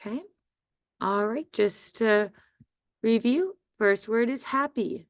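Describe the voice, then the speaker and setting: A woman's voice: fairly high pitch, takes it slowly, no echo, studio quality. A woman teaching a recorded phonics lesson to first graders, patient and repeating words with frequent ums and okays.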